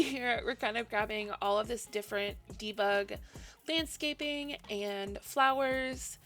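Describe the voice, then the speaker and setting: Gravelly-voiced woman, chatty sleepy voice-over. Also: medium pitch, fairly bright tone. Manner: chatty, self-deprecating, laughs often. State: yawning, sleepy. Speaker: Sims builder narrating a speed build. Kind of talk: casual voice-over narration.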